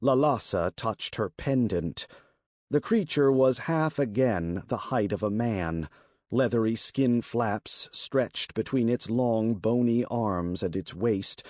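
A man reading fantasy narration for an audiobook in a slow, deliberate and expressive way. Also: mid-range voice, no room sound. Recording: dry close studio recording.

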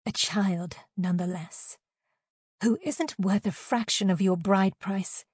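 A scornful, haughty high priestess, as a woman narrator puts her on, matronly and cutting in every word. Her voice sits at an ordinary middle pitch, recorded close and dry with no room sound. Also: slow, darkish tone, slightly rough, no room sound.

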